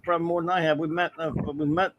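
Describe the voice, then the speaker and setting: Guy hosting a chill chat, kinda high voice, says hi to viewers. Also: level tone, fast talker, dull audio. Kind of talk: casual chat.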